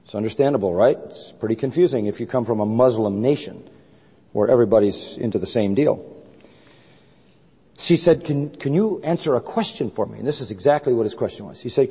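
In a storytelling sermon, a man preaches in a mellow, slightly husky mid-range voice, speaking a little fast. He animatedly voices the people in his anecdote with lively emphasis. The dull, lo-fi recording carries the long reverb of a big hall.

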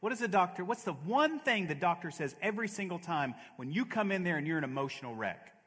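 A male pastor preaching a sermon, swinging from hushed, slow lows to fervent, louder peaks. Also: big pitch swings, husky. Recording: long hall reverb.

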